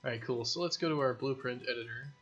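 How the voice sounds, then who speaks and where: Bright-voiced rambling man in a dev vlog. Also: mid-range voice, fast, slightly rough, highs cut off, faint music behind. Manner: rambling, self-deprecating, joking. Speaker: indie game developer. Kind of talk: casual dev vlog talk while programming. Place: home basement.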